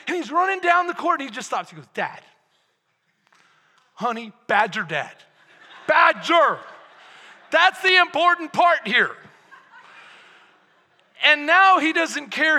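A man preaching a sermon as pastor, telling a family story with shouted exclamations and quiet, reflective passages. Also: very high voice, creaky. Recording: long church-hall reverb.

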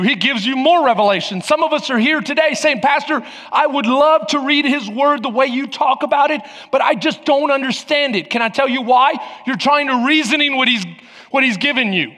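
A man preaches from the pulpit in a strikingly high, bright voice. He hammers his points with repetition and sudden shouts, and slips into playful scenes. The sound rings with the long echo of a large hall. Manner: emphatic and repetitive, with bursts of shouting; playful, acts out little scenes. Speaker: pastor. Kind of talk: preaching a sermon.

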